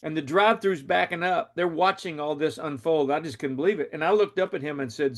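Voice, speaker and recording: A man's voice: fairly high pitch, brisk, hardly any pauses. Earnest man telling a faith story. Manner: earnest, conversational, dramatic retelling. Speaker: storyteller and show host.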